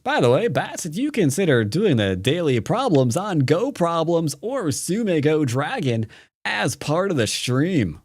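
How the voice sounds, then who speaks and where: A man's voice: fairly high pitch, very animated, unhurried, breathy edge, no echo, studio quality. A man teaching Go on a live stream, talking casually and playfully, joking with his chat and rambling with fillers and restarts. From United States.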